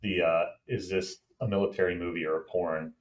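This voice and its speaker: A man co-hosting a podcast and running its quiz games, chatting casually and rambling in quick bursts. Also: sits low, steady tone. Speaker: podcast co-host and game master.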